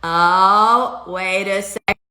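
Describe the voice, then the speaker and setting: A woman's voice: mid-range voice, extremely slow. Candid motivational woman in an echoey room. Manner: candid, animated, frequent fillers, swears casually. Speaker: host of a live social media video. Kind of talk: casual motivational talk. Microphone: headset or phone mic.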